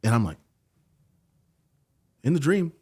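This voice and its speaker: A man's voice: medium pitch, big pitch swings, slow pace, a little mellow, husky. A middle-aged man, a podcast guest, telling a personal story in casual conversation and acting out the dialogue he quotes. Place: podcast studio.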